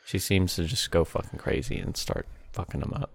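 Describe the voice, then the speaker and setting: A man's voice: low voice, expressive, a little fast, no echo. A man co-hosting a podcast in casual chat, blunt and slangy, swearing a lot. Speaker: podcast co-host.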